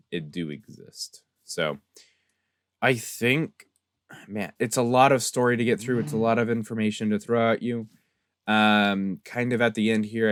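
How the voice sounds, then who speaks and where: A young man casually recapping a game story, rambling with many fillers and restarts, jumping between excited high notes and soft asides. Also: clean tone, dry recording. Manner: rambling, filler-heavy, self-correcting; animated storyteller with sudden pitch jumps and soft asides. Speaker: Minecraft server player recapping lore.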